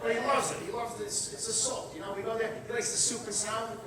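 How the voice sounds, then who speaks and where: Brash middle-aged comic doing profane stand-up; very high voice, booming echo, mic far off, audience audible. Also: male voice, little pitch movement, quick pace, crowd noise. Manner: brash and profane, breaking into shouts. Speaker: stand-up comedian. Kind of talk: stand-up comedy set. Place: comedy show venue. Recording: echoey room, distant mic, audience.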